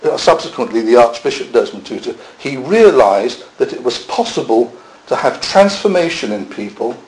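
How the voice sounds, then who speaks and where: A man's voice: medium pitch, sing-song, moderate pace, a little mellow, low-quality recording. A man preaching a sermon in a church, conversational, with self-deprecating asides.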